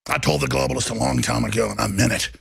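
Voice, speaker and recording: A male radio talk show host delivering a fiery on-air rant, swinging from shouted outbursts to low muttering. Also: fairly even intonation, quick pace, creaky, husky, dry recording.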